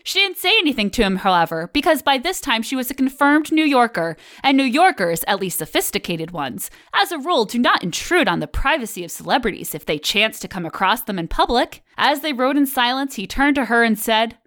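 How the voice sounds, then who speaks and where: A woman co-hosting a podcast, telling and reading out a story with an expressive delivery and easy laughter. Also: a little high, fairly quick. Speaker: podcast co-host. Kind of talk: casual chat, reading a story aloud.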